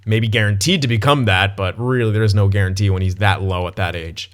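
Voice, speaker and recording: Young guy with a lowish voice mumbling thru his hockey game, cusses, suddenly yelps when something pops up. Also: a little fast. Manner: thinks aloud, swears, blurts sudden excited outbursts. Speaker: gaming channel host. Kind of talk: casual gameplay commentary.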